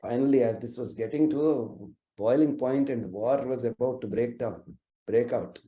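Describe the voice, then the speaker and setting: A man's voice: mid-range voice, normal speed, warm tone. A man telling sacred stories as a lecture, in an earnest, explanatory way with frequent fillers and restarts. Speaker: storyteller. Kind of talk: religious storytelling lecture. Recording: roomy echoey recording.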